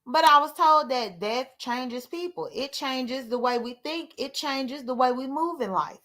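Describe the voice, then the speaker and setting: A woman's voice: sits high, measured pace, fairly bright tone. A woman, talking candidly and emotionally to her livestream viewers in a rambling way. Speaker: livestream host. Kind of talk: casual livestream talk.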